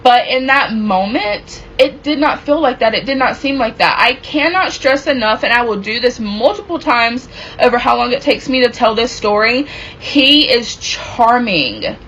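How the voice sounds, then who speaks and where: A woman narrates a personal story in a relaxed, conversational way, her voice a touch high. She slips into the voices of others as she recounts their words. A faint hiss sits under the recording. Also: normal speed, low-quality recording. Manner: animated, reenacts quoted dialogue.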